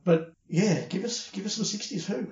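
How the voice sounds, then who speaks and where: Australian man, fairly high voice, casual podcast chat, opinionated, echoey dull room recording. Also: moderate pace, a little mellow. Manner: chatty, opinionated, repeats words when starting. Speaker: podcast co-host. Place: hotel room.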